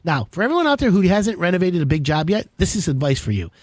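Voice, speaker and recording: A man hosting a live call-in show, his voice on the higher side and swinging widely as he gets worked up. He rambles and jokes in an excitable, casual way. The sound is dry and close. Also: quick pace, no echo. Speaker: radio show host.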